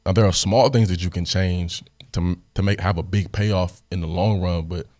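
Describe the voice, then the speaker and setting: A young man hosting a podcast, telling a story in a casual, animated way, sarcastic and laughing often. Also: low voice, moderate pace, dry recording. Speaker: podcast host.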